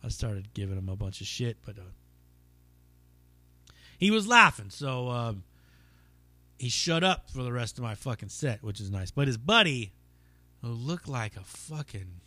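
A man rambles through a story on his own podcast, swearing freely and leaning on "you know" and "um". His voice is bright and forward. The recording is dry and close, with no room sound. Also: mid-range voice, sing-song, moderate pace, pauses often, no room sound. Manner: rambling, profane, lots of fillers. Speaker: podcast host and stand-up comic. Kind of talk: casual solo storytelling.

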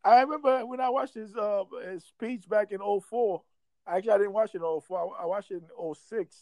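A man's voice: high-pitched, fairly quick, darkish tone, dry recording. A man in casual chat who talks in a rambling, profane way and laughs often.

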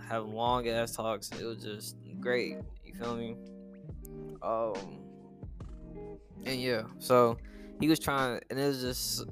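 A young man telling a personal story in a rambling, halting way, full of slang and swearing and often trailing off quietly. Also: medium pitch. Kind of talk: casual storytelling monologue.

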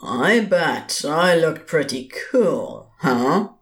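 A man voicing a bored, gleeful male ghost in a fan audio drama, slow and teasing. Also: on the high side, big pitch swings, heavily acted. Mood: flippant. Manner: flippant, teasing. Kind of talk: podfic voice acting.

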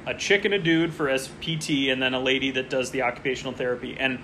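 A man's voice: mid-range voice, steady tone, quick pace, pushed and bright, a little hiss or hum. Chatty man rambling through a draft. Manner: rambling, chatty, easily distracted. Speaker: podcast co-host. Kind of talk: casual chat during a fantasy football draft.

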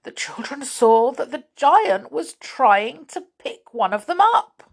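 Woman reading a kids' story, slow and unhurried, really sing-songy. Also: high voice, breathy edge. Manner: expressive, lively storytelling.

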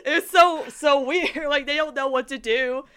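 A young woman with a high voice, speaking a little slowly over a loud crowd, co-hosts a casual podcast. She reviews a cartoon episode, giggling often and rambling with plenty of fillers.

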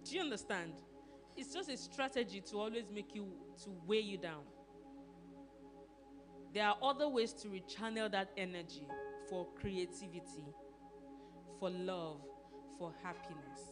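A lively Nigerian woman pastor delivers a conversational sermon over background music, speaking in Nigerian English with a mid-range voice at a moderate pace and long pauses. She's animated, laughs often, and keeps asking the audience questions.

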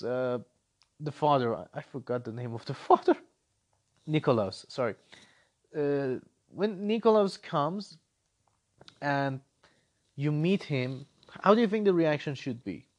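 Exasperated man ranting about games. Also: on the high side. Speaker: video game reviewer. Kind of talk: casual spoken review.

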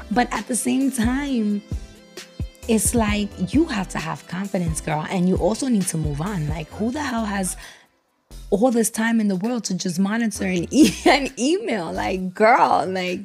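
A woman's voice: medium pitch, vocal fry, a little mellow. A woman hosting a solo podcast, talking frankly and confidingly, swearing casually and quoting her own self-talk. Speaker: podcast host. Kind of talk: candid solo podcast monologue.

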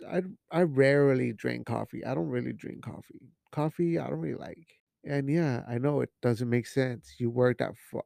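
A young man hosts a casual podcast in a mid-range, gravelly, mellow voice, recorded at studio quality with no room sound. He rambles loosely, swears a lot, and drops in bits of Spanish.

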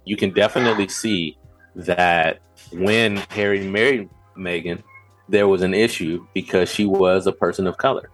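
Low-voiced man chatting casually. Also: fairly even intonation, faint music behind. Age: adult, veteran back in school. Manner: halting, repeats words when starting a thought. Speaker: podcast co-host. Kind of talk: casual podcast chat.

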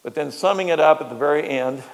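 Male pastor preaching sunday sermon, goes soft then loud, big church reverb. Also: a little high, fairly quick, gravelly. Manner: repeats phrases for emphasis, swings between soft and loud. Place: church sanctuary. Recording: long hall reverb.

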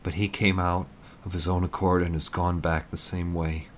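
A man voicing a grieving male military commander who speaks quietly and steadily. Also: deep voice, little pitch movement, moderate pace, a little hiss or hum, close to an everyday voice. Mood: subdued.

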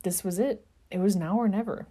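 A woman narrating a fan fiction story in an expressive, dramatic reading. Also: medium pitch, a little fast, slightly rough.

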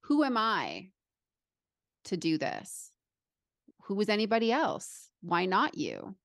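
Gravelly-voiced woman podcast host. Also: mid-range voice, huge pitch swings, slow pace, dry recording. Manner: warm-hearted, enthusiastic, affirming. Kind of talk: conversational interview.

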